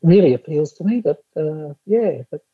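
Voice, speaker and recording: A man who is a guest on a podcast, chatting casually and telling lively anecdotes. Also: fairly high pitch, normal speed, breathy edge, dry recording, narrow, tinny audio. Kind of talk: casual chat.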